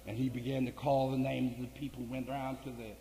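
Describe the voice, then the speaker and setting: A man preaching a sermon, telling a story in a low voice and rising to high shouted climaxes. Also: flat delivery, fast talker. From United States. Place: large hall with an audience. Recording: reverberant hall with faint hiss, 1980 archive.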